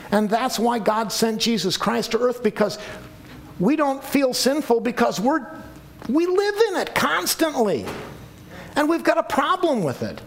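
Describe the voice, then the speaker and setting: A man's voice: very high-pitched, sing-song, measured pace, vocal fry, slight background noise. A man preaching a sermon to a congregation, earnest and pleading at times. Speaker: pastor.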